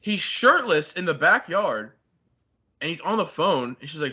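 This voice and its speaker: A man's voice: on the high side, very animated, moderate pace, pushed and bright, breathy edge. A young man, a podcast co-host, animatedly retelling a story in casual chat, swearing a lot and saying "like" constantly.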